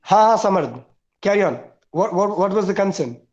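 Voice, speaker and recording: High-voiced teacher. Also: male voice, animated, normal speed, darkish tone. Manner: instructive, lists points and repeats key words. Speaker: English teacher. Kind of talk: online class instruction. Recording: dull lo-fi online call audio.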